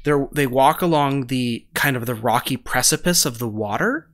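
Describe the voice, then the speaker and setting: Man, game master, mid-pitched, measured narration, lots of ums. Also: fairly bright tone. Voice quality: measured, descriptive narration with frequent fillers.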